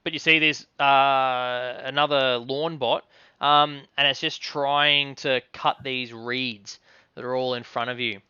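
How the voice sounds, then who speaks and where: Bright-voiced game master. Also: male voice, medium pitch, clear, resonant tone, no echo, muffled recording. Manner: relaxed, halting narration with many fillers. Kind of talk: narrating a tabletop game.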